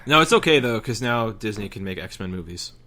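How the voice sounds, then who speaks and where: A man co-hosting a podcast in casual chat, excitable and joking, swearing now and then. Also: on the low side, brisk, a crowd in the background. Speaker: podcast co-host.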